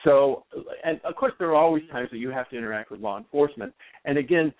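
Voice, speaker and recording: A man's voice: medium pitch, fast, no room sound. Man explaining on a tinny phone line. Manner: animated, acts out example dialogue. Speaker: guest trauma expert. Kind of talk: explanatory interview talk.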